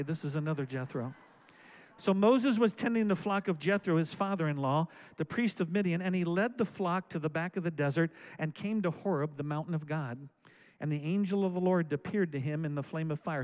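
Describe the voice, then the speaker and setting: A man preaching a sermon, reading scripture aloud and commenting on it, and building up to shouted calls to the congregation. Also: a little high, rough recording. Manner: preaching with rising, shouted exhortations. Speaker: pastor.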